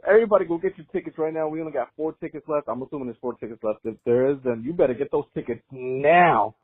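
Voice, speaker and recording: A man's voice: a little high, fast talker, slightly rough, no room sound. A man calling in to a sports show, talking in a laid-back, rambling, profane way. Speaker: caller. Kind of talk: casual call-in chat. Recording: tinny phone line.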